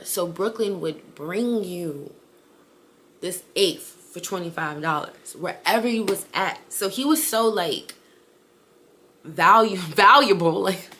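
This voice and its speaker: Woman, 30s, vlog storytime; chatty, animated, slightly low voice, faint background noise. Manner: chatty and animated, with lots of "like" and laughter. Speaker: vlogger. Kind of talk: casual storytime.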